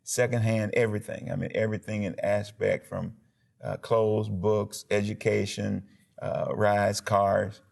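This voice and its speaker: A man, a pastor telling his life story in an emphatic, animated way during a TV interview. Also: fairly low pitch, measured pace, vocal fry. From Alabama, USA. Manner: emphatic, animated storyteller who acts out quotes and sound effects. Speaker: pastor and former football player.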